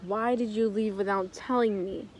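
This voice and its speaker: A woman's voice: mid-range voice, steady tone, normal speed, darkish tone, a little hiss or hum, close to an everyday voice. A woman voicing an eager five-year-old boy, speaking earnestly as she improvises.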